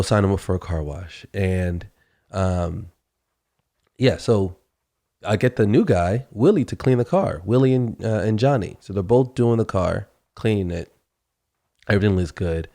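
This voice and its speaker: A man's voice: on the low side, measured pace, pauses often, warm tone. A man hosting a podcast, telling a story casually with lots of fillers and acted-out dialogue. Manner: conversational, acts out quoted dialogue, many fillers. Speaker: podcast host.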